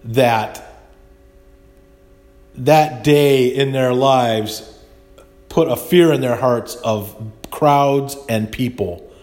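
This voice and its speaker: A man's voice: medium pitch, very slow, pauses often, a little mellow. A man hosting a podcast, talking in a rambling, indignant monologue full of restarts. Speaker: podcast host. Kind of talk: casual monologue.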